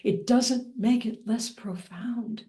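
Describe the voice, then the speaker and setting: A woman teaching Buddhist practice in a dharma talk, gentle and reflective with a light playful touch. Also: fairly high pitch, slow pace.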